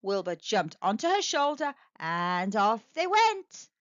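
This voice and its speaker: A woman telling a children's story aloud, with a sing-song, expressive delivery, in a slightly muffled, dry recording. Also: a little high, slow pace, dry recording. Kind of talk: children's read-aloud narration.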